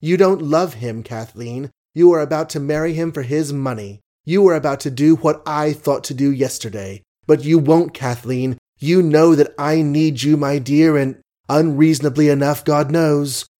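A man's voice: a little high, normal speed, warm tone, pitched above the performer's own voice, natural voice. A man voicing a flippant but persuasive young poet in an audiobook, speaking earnestly to the woman he loves.

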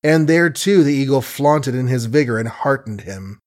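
A man reading a novel aloud in measured, wry narration, with asides to the listener. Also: medium pitch, expressive, darkish tone. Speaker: audiobook narrator. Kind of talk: scripted literary narration.

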